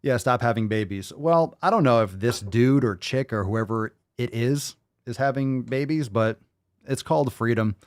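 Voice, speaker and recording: A man's voice: mid-range voice, moderate pace, no echo, studio quality. A man hosting a show, reacting to video clips with blunt, profane, mocking commentary.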